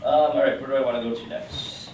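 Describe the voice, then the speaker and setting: A man's voice: medium pitch, steady tone, fast talker. A man, the author, giving a live reading of his memoir with chatty asides, ums and laughs. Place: bookstore. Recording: echoey room, distant mic, background noise.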